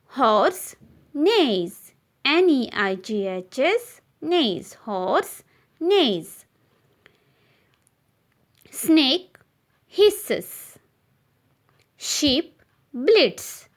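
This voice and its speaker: A woman teacher with an Indian English accent speaks to small children in a high voice. She goes very slowly and spells each word out letter by letter. She draws her words out as she sings a simple rhyme. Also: big pitch swings. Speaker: primary school teacher. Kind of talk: slow spelled-out lesson and sung rhyme for young children.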